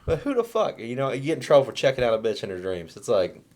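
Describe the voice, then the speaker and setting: A man's voice: medium pitch, fast. A man co-hosting a comedy podcast, ranting jokingly and putting on mock voices for quotes. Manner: animated, jokey rants with mock quotes. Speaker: podcast co-host. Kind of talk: casual comedy chat.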